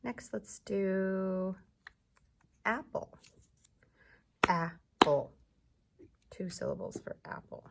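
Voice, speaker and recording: A woman teacher giving a recorded lesson to young children, patient and encouraging, repeating each word slowly so they can clap along. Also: medium pitch, creaky, a little hiss or hum. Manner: slow, patient, encouraging, repeats words for clapping.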